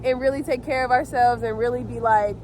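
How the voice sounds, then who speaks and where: A woman talks to her camera outdoors in a loose, slangy, conversational way, leaning on "like" and fillers as she gives motivational advice. Her voice sits a little high, and faint outdoor and traffic noise hums behind her. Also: fairly even intonation, brisk, darkish tone. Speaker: vlogger. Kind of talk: casual motivational talk to camera. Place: outdoors in nature.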